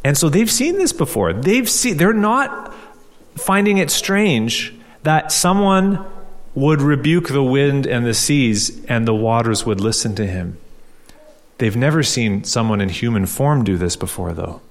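A man's voice: medium pitch, expressive, measured pace. A male pastor preaching a conversational sermon, asking rhetorical questions and repeating key phrases for emphasis. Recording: long hall reverb.

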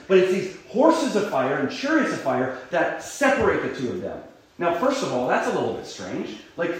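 A male pastor preaching a sermon in a loose, conversational way, with many fillers and restarts, rising sharply when he voices dramatic cries. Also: fairly high pitch. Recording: very echoey room, voice far from mic.

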